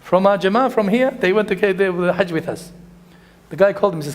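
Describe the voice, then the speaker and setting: A man with a notably high voice delivers a religious lesson to a congregation. He tells anecdotes in a conversational way, slipping in Arabic phrases, and ends in prayer. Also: lively intonation, fast talker. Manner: storytelling with Arabic phrases and dua. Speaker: imam.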